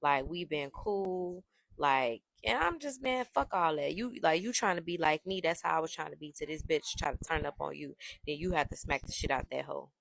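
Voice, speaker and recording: Brash, low-voiced woman telling a story. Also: brisk, vocal fry, hardly any pauses, no room sound. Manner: brash, profane, animated retelling. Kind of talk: casual storytime.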